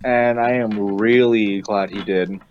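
A man's voice: lowish voice, fairly even intonation, takes it slowly. A man playing a tabletop game, speaking dry and exasperated in character. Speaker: player. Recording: slightly dull lo-fi sound.

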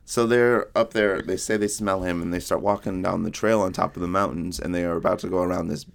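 A man co-hosting a podcast, talking through a book in casual chat and rambling through retold scenes with quick quotes from the characters. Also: low-pitched, steady tone, creaky. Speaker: podcast co-host.

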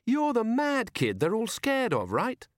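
A man voices a composed young woman, a governess who needles her opponent in a cool tone. His mid-range delivery swings widely in pitch at a moderate pace, raised above his own voice yet close to an everyday one, in a dry, clean studio recording.

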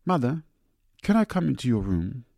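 Man doing an earnest young woman, pitched well up from his husky voice, pleading. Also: very animated, measured pace, darkish tone, no echo, clean studio sound, exaggerated voice.

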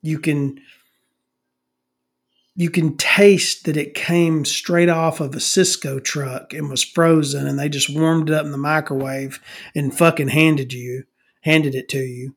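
Middle-aged guy swearing nonstop, rambly comedy rant, voice on the higher side. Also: fairly even intonation, a little slow, breathy edge. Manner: profane, ranting, swears constantly; rambling, with many restarts.

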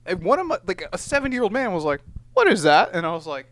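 A man's voice: sits high, sing-song, fast, a bit bright, dry recording. A young man co-hosting a podcast in casual chat, laid-back and joking with plenty of swearing. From California. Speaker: podcast co-host.

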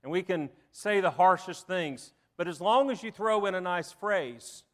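A man's voice: sits high, animated, measured pace, few pauses, fairly bright tone. A man, a pastor giving a sermon in a folksy, humorous storytelling manner. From Southern United States.

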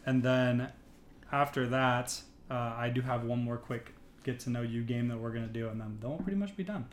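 Man, podcast host, casual chat, mid-pitched voice, roomy echo, faint hiss. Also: brisk. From United States. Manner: easygoing, encouraging, chatty. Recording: echoey room with faint noise.

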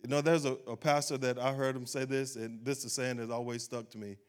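A man's voice: mid-range voice, flat delivery, fairly quick, clean tone. A man, a pastor preaching a sermon at a church service and closing in a rising, fervent prayer.

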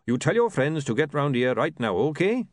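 A man voicing a shrewd, calm male dwarf printer with a blunt, businesslike manner. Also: on the high side, moderate pace, no echo, clean studio sound, voice pushed up.

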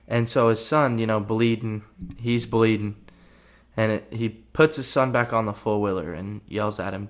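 A young college football player talks through a story on his own podcast. His voice sits a little low, and his delivery is loose and conversational. He leans on "you know" and "uh" as he goes. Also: moderate pace. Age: young adult. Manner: relaxed, rambling, full of "you know" and "uh" fillers. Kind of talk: casual storytelling.

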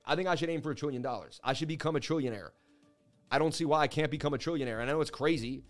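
A man's voice: fairly high pitch, rapid-fire, soft background music. Hyped crypto streamer man, around forty. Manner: hyped, chatty, reads viewer chats. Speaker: crypto livestream host. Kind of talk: casual livestream chat.

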